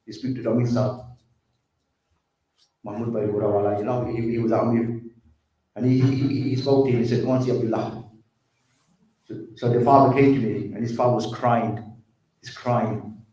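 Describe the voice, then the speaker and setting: With a mellow, mid-range voice and fairly even intonation, a man talks at a normal speed, punctuated by long pauses. His earnest community talk on drug addiction is repetitive and calls listeners brothers and sisters, and the distant mic picks up strong echo from the hall.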